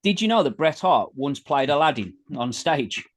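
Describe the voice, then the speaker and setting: A man's voice: on the high side, very animated, normal speed. Man teasingly running a quiz. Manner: teasing, reels off facts. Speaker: co-host and quizmaster. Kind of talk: casual podcast quiz chat.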